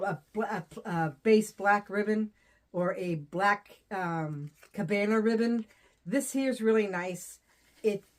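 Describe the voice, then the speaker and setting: A woman from Southern New Hampshire, chatting casually as she unboxes wreath ribbon, rambling and repeating her phrases. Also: fairly high pitch. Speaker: wreath designer and vlogger.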